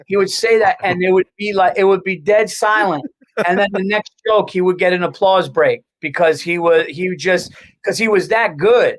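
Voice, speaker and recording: A man, a guest comedian, telling profane, animated stories in casual podcast chat, full of quick restarts. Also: high voice, rough recording.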